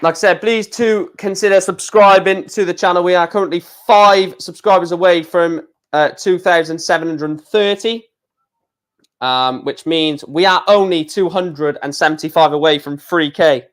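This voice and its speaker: A man's voice: high-pitched, normal speed. Man calling a football match live. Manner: running play-by-play with fillers, bursts into shouting at chances and goals. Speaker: YouTube live watch-along host.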